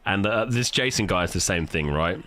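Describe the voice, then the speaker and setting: Deep-voiced swearing British streamer. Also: male voice, a little fast. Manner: profane, animated storytelling. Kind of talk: casual livestream chat.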